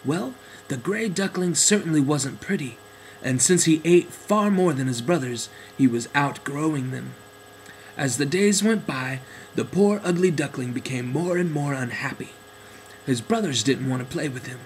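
A man narrating a children's storybook in a gentle, expressive way. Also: a little high, normal speed, slight background noise, low-quality recording.

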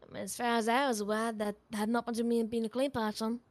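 A woman's voice: on the high side, flat delivery, quick pace, no room sound. A woman playing a character in a game roleplay, talking in a hesitant way, repeating words and trailing off. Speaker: roleplay player.

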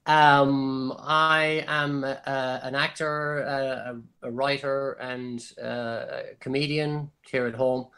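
An Irish man with an Irish accent chats as a podcast guest. He is playful and a little hesitant, filling his pauses with ums and uhs, and his pitch sits in the middle range. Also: little pitch movement, pushed and bright. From Ireland. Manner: playful, hesitant, with many fillers. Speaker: guest, actor and comedian. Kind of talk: casual interview chat.

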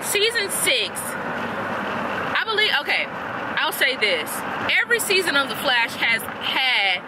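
A young woman vlogger rants about a TV episode in a blunt, profane and animated way. Her voice sits high. Loud traffic noise carries behind her as she talks from a car. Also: takes it slowly. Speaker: TV review vlogger. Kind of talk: casual ranting review.

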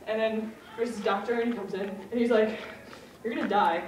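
A woman's voice: a little high, flat delivery, brisk, darkish tone, slight background noise. A woman casually retelling a story for laughs, giggly and rambling. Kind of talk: casual comic plot retelling. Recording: echoey room, far mic, crowd chatter.

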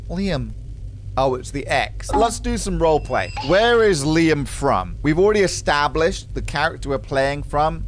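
A man with an English accent giving jokey, excitable horror gameplay commentary and talking to his viewers. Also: a little high, normal speed, soft background music. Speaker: gaming YouTuber.

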